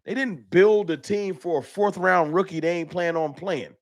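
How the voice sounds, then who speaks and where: A man's voice: sits high, moderate pace. A man hosting a live stream, ranting heatedly and swearing with repetitive, emphatic points in a casual talk.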